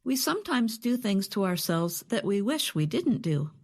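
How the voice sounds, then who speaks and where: Lively-voiced female English teacher. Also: medium pitch, normal speed. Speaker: podcast co-host, English teacher. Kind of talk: clear teaching explanation.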